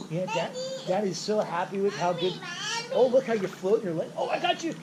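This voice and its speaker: A man's voice: sits high, animated, brisk. A man giving a live swimming lesson to his young child in a pool, cheering, counting and calling out playful coaching cues in a sing-song way. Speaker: swim instructor and parent. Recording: loud splashing water noise.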